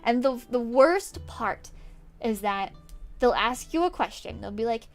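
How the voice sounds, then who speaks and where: A woman's voice: on the high side, expressive, unhurried, soft background music. A young woman streamer rambling through a work story while she draws, swearing freely and answering chat as she goes.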